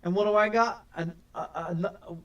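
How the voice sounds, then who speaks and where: A man's voice: high-pitched, moderate pace, fairly bright tone, recorded from a distance, lo-fi sound. A man streaming a game and ranting as he plays, swearing often and stammering over repeated words. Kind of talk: casual gameplay commentary.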